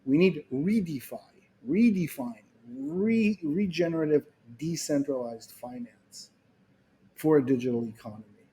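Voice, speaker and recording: A middle-aged man explaining his ideas in conversation, telling stories with acted-out quotes and frequent restarts. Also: a little high. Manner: animated storyteller, acts out quoted voices, repeats words when restarting. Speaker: guest speaker.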